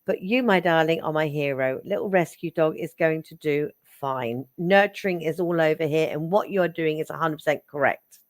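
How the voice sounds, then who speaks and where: A woman giving psychic readings on a live stream, chatty and affectionate, getting excitable and calling viewers darling. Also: deep voice, normal speed, hardly any pauses, no echo, clean studio sound. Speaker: psychic reader.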